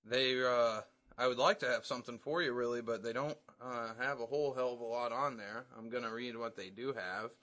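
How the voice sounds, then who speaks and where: A man's voice: medium pitch, fairly even intonation, brisk, sharp tone. A man co-hosting a podcast in loose, joking casual chat, swearing freely. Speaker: podcast co-host.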